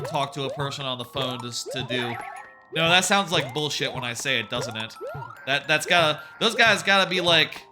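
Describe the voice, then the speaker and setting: A young man chats casually while playing a game on stream. His voice sits a bit high, and his talk wanders as he swears offhandedly and repeats words whenever he restarts a thought. Game music plays clearly behind him.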